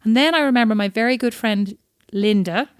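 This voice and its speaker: A woman's voice: fairly high pitch, a little fast, smooth, dry recording, clean studio sound. A woman co-hosting a podcast, casually telling self-mocking stories and laughing at herself. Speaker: podcast co-host. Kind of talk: casual chat.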